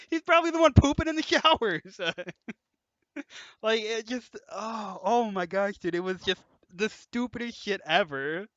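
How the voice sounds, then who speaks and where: A young man hosting a casual podcast, telling animated stories, laughing and swearing freely as he talks. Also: high-pitched, a little slow, no room sound, lo-fi sound. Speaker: podcast host. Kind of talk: casual storytelling chat.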